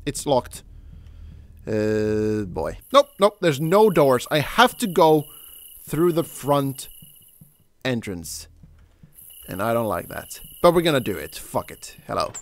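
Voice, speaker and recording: A man commentating his horror gameplay casually, jumpy and swearing, shouting at the game character. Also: mid-range voice, big pitch swings, slow pace, pauses often. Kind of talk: casual let's play commentary.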